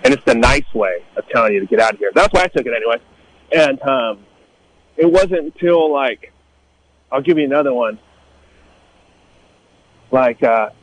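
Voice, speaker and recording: A middle-aged man from Northern California in a casual storytelling talk, animated, acting out the people he quotes in a higher voice. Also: a little hiss or hum, low-quality recording. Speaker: guest telling life stories.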